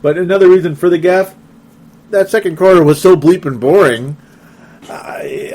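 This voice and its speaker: A man's voice: high-pitched, moderate pace, a little mellow. A young man hosting a casual sports talk show, rambling and laughing often as he reads listener comments. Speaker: podcast host.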